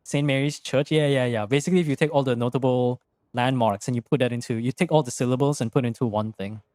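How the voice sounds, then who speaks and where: A man's voice: mid-range voice, fairly even intonation, quick pace, a little mellow, dry recording, clean studio sound. A young man streaming a game from his room, chatting casually and rambling through jokes, swearing freely and laughing often. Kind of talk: casual live-stream chat while gaming.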